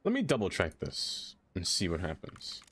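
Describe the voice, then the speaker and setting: Low-voiced man chatting while streaming a game. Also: wildly swooping pitch, fairly bright tone, husky. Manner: talks to the game and reads chat aloud, quick to exclaim in dismay. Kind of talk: casual live-stream chatter while playing.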